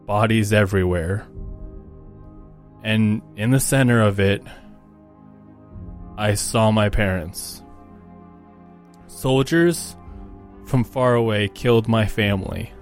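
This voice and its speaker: Man playing a grieving orc prince at a game table, low-voiced, slow and halting. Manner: halting, soft-spoken, hesitant. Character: grieving young male orc prince, earnest. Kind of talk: tabletop role-play in character.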